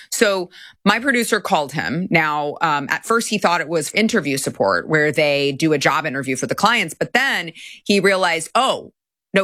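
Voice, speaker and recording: A woman's voice: low voice, a bit bright, no echo, clean studio sound. A woman hosting a commentary show, emphatic and repetitive, with laughing asides. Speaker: show host.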